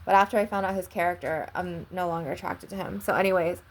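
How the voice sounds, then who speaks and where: A woman's voice: fairly low pitch, fairly even intonation, fast. A young woman vlogger telling a long personal story in a casual, rambling way, filling it with "like" and frequent swearing.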